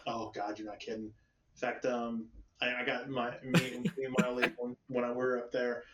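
A man's voice: medium pitch, little pitch movement, normal speed, noisy background. A man in casual chat from the United States, a rambling storyteller who swears freely and laughs often. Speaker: conversation partner. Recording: distant roomy lo-fi audio.

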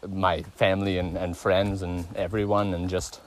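A man's voice: sits low, flat delivery, moderate pace, a little hiss or hum. A young man co-hosting a podcast, chatting casually while hiking outdoors on a woodland trail, rambling and laughing often. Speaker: podcast co-host.

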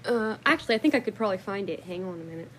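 A woman's voice: mid-range voice, animated, rapid-fire, slight background noise. A woman vlogger chatting in a rambling, casual way, blunt and swearing freely, with hearty laughter.

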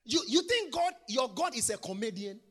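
A male preacher with a very high, bright, ringing voice delivers an emphatic sermon. He repeats phrases for weight and swings between loud declarations and hushed asides. His pitch moves a great deal. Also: big pitch swings, normal speed.

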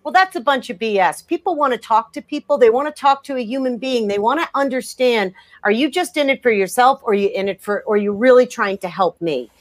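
A woman talking in a podcast interview, emphatic and energetic, often restarting her sentences. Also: a little high, brisk, hardly any pauses. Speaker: guest.

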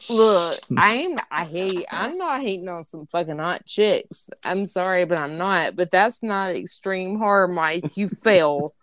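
A woman's voice: fairly low pitch, animated, unhurried, few pauses, a bit bright, slight background noise. A woman co-hosting a horror podcast, telling stories in a brash, profane, laughing way. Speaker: podcast co-host. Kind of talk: casual chat.

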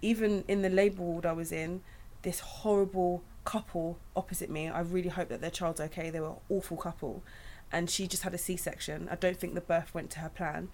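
A young woman chatting casually, telling her birth stories in a lively, storytelling manner. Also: fairly low pitch, brisk, few pauses. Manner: chatty storytelling, animated when retelling. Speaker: new mother. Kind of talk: casual chat.

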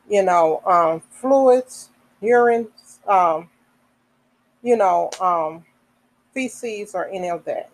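A woman hosting a podcast, reading health information aloud slowly, with casual asides, fillers and the odd self-correction. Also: medium pitch, low-quality recording. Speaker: podcast host.

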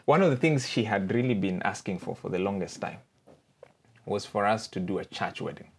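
A man in his forties, a podcast guest, telling his own story in a reflective, halting way and often checking in with the listener. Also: fairly low pitch, lively intonation, husky. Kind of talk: candid personal storytelling.

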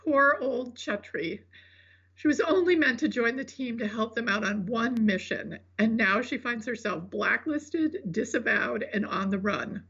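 A woman co-hosting a podcast with a raspy, gravelly voice and a bubbly, playful manner. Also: on the high side, a little slow, fairly bright tone. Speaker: podcast co-host. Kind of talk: casual podcast chat, reading segment. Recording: dull lo-fi audio.

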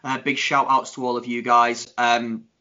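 A man co-hosting a casual podcast, jokey and energetic, teasing his co-host. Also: medium pitch, moderate pace, highs cut off.

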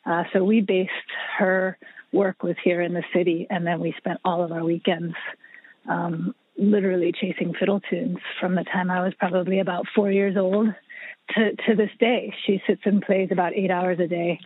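Her voice sits fairly low and her delivery is flat, moving at normal speed with no echo. As a podcast guest, she chats through long stories of her family's music, stumbling into fillers and restarts in casual interview fashion, over a husky, dry line that sounds like a phone.

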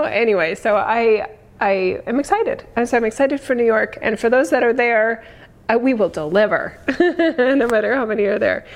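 Hoarse, gravelly woman chatting. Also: fairly high pitch, normal speed. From United States. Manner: chatty, effusive, laughs often. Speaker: livestream host. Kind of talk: casual livestream chat reading comments.

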